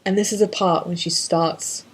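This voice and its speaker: A woman co-hosting a casual film commentary podcast, brash and profane and quick to laugh. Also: on the low side, fairly even intonation. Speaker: podcast co-host.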